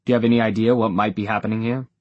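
A man voicing a stern, commanding male warrior leader who speaks in a clipped, gruff way. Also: on the low side, level tone, rapid-fire, no echo, muffled recording, natural voice. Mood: questioning.

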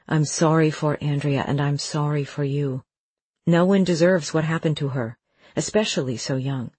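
A narrator voicing a calm, measured female detective who speaks steadily and with sympathy, in an audiobook. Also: low voice, husky, dry recording. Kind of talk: audiobook character voice.

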